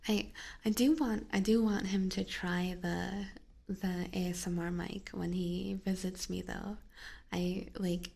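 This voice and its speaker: A young woman streaming ASMR on a binaural microphone, chatting in a soft whisper, rambling and giggling often. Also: fairly low pitch, little pitch movement, unhurried, vocal fry, slightly rough. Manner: giggly, rambling with many fillers. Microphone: binaural ear microphone.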